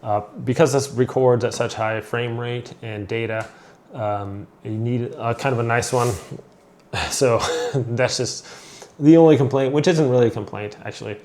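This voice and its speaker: A man talks his viewers through a gadget in a relaxed, enthusiastic review vlog. His voice sits at an ordinary middle pitch and is a bit worn and hoarse. He rambles, searches for words and fills pauses with ums as he goes. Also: slight background noise. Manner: upbeat, rambling, many fillers and restarts. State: losing his voice. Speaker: tech reviewer. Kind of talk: casual product review vlog.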